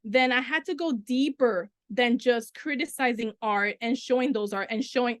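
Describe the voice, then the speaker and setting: Middle-aged woman from the Dominican Republic, panel speaker, higher voice, tells stories with quoted dialogue, dry recording. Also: moderate pace, hardly any pauses, no echo. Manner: animated storytelling with quoted dialogue. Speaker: Spanish teacher, panelist. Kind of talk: panel discussion.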